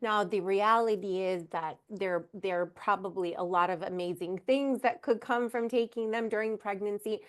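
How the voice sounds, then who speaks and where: A woman speaking into a computer mic on a video call, hosting a live webinar. Her pitch sits in an ordinary middle range, and she talks in a warm, effusive way. She slows down to stress her points. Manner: warm, effusive, addresses listeners as mama. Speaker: fertility coach hosting a webinar.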